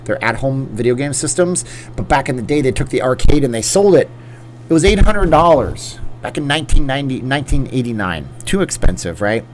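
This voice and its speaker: A man in his forties hosts a live chat Q&A in front of a green screen, picking up viewer comments and answering them off the cuff. His voice sits at an ordinary middle pitch and his talk stays loose and chatty. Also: big pitch swings, a little fast, slight background noise. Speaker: livestream host. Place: indoor green screen setup.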